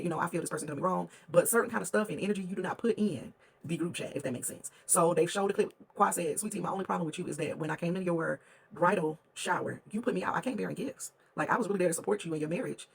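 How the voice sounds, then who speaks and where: A host chatting through a reality TV reunion recap, gossipy and animated, quoting cast members in quick asides. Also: mid-range voice, creaky, slightly rough.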